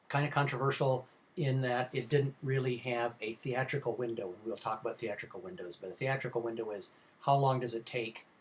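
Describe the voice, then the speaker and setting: A middle-aged man giving a recorded film lecture to students, rambling and informal, with many fillers and restarts. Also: medium pitch. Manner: informal, addresses students directly.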